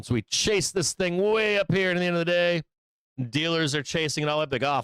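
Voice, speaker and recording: Male trading-show host, smooth clear voice, dry close mic, loose and profane, mid pitch. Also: a bit bright, no room sound. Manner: profane, casual, acts out traders in quick asides. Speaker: stock market show host. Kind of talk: live trading explanation.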